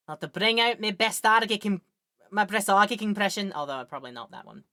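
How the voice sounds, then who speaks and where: A woman's voice: mid-range voice, quick pace, sharp tone, dry recording, studio quality. A woman streamer giving chatty, amused let's play commentary. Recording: game music behind.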